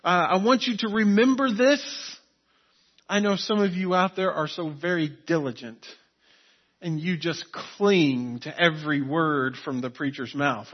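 High-voiced man preaching a sermon. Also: dull audio. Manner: earnest, repeats key phrases for emphasis. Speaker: pastor.

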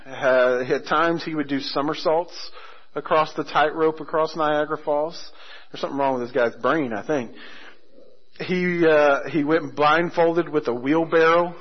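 A man with a slightly raised pitch delivers a pastor's sermon, mixing stories and jokes with stretched-out, emphatic phrases. The recording sounds muffled and lo-fi. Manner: storytelling with humor and emphatic slowing on key phrases.

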